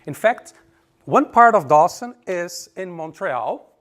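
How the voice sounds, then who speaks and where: A man from Brazil, giving a relaxed, joking conference presentation. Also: sits high, slow. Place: conference room.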